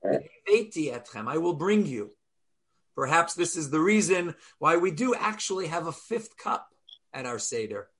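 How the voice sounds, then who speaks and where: A man teaching a weekly Torah class over a video call, telling stories and acting out quotes with lively jumps in his voice. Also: moderate pace, slightly rough. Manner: animated storyteller, acts out quotes with big pitch jumps.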